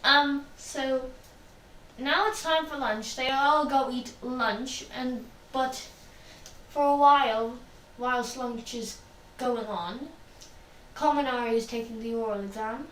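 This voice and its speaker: High-voiced woman telling a fan story. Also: takes it slowly, a bit bright. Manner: rambling, chatty, laughs often. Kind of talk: casual fan story role-play chat. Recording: echoey room, distant mic, faint noise.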